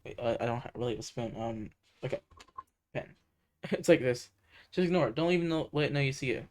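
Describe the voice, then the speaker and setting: A man streaming and reacting casually, talking in an excitable, rambling way full of fillers. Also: mid-range voice, a little fast. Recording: noisy home mic.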